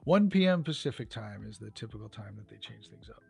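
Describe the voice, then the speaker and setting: A man co-hosting a casual game news chat, talking in a halting way with many fillers and restarts. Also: fairly low pitch, very animated, vocal fry, mellow, slightly rough. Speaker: co-host.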